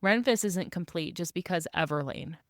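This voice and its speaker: Low-voiced woman podcast co-host. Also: moderate pace, no room sound, studio quality. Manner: casual, wry, laughs often, swears. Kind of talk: casual book-club chat.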